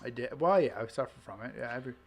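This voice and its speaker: A man's voice: mid-range voice, animated, rapid-fire. Swearing, rambling podcast host man. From Canada. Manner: loose, swearing, storytelling with lots of fillers. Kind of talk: casual chat.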